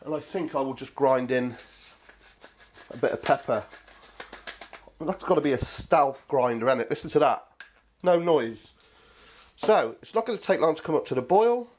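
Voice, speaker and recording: A man's voice: mid-range voice, animated, normal speed, long pauses, darkish tone. A man hosting a cooking show, chatting casually and jokily to viewers as he cooks. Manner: chatty and jokey, talks to viewers as mates.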